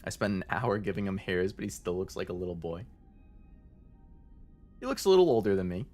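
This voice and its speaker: A man's voice: low voice, very animated, fairly quick, darkish tone, faint music behind. A man streaming as a VTuber, chatting casually and rambling as he answers his chat, with many fillers.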